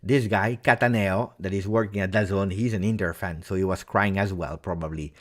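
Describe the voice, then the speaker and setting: A man with an Italian accent hosting a live football reaction stream, talking casually and joking, with many "uh"s. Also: low voice. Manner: animated, joking, halting with "uh"s.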